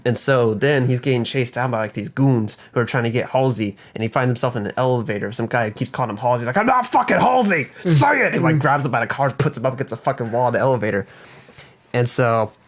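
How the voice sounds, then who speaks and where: A young man retelling a film's twists in a loose, casual flow, swearing constantly as he goes. He is a podcast co-host, and his voice sits at a middle pitch for a man. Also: fairly even intonation, fast. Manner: profane, rambling plot retelling with mock voices for characters. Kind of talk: casual film recap.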